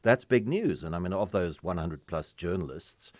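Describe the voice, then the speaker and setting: A man's voice: low voice, expressive, normal speed, dry recording. An older man, hosting a casual radio interview in a studio, chatty and jokey with frequent restarts. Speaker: radio host.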